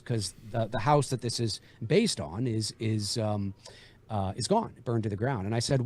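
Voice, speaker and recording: A man's voice: mid-range voice, moderate pace, darkish tone. A man, an indie horror filmmaker, chatting casually on a livestream, rambling with lots of fillers and restarts.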